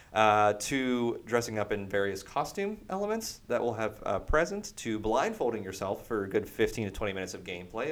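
A man hosting a casual gaming podcast, upbeat and chatty, rambling along with plenty of "uh"s as he plugs a charity stream. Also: lowish voice. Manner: upbeat, promotional, rambling with many fillers. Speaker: podcast host.

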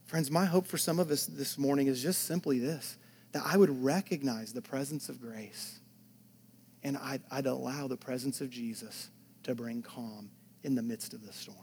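A male pastor preaching a sermon, swinging from loud emphatic lines to hushed near-whispers, with chatty asides to the congregation. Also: mid-range voice, normal speed, slightly rough.

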